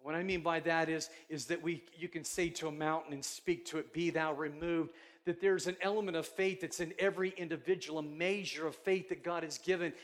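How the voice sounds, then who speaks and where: A man with a notably high voice preaches a sermon, earnest and emphatic, and often restarts his phrases as he builds a point. He sounds middle-aged and talks like a pastor speaking to his congregation. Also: steady tone, a little fast.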